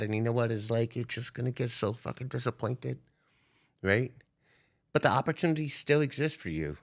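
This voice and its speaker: A man's voice: mid-range voice, very animated, normal speed. A young man ranting on a stock trading livestream, profane and confrontational as he calls out viewers. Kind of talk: unscripted livestream rant.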